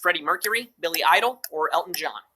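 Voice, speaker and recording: A man's voice: a little high, expressive, fast talker, pushed and bright, slight background noise. A man hosting a live mobile trivia game show, upbeat and joking with playful asides.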